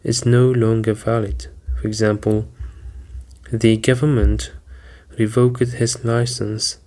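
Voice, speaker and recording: A man teaching vocabulary, deliberately repeating each word and spelling out its syllables and stress. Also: on the low side, little pitch movement, mellow. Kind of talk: slow, careful vocabulary lesson.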